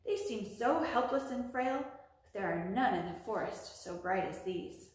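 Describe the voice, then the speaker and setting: Brief: woman reading gentle storybook lion, calm delivery, echoey room. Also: medium pitch, normal speed, lightly acted. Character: gentle, sensible male lion.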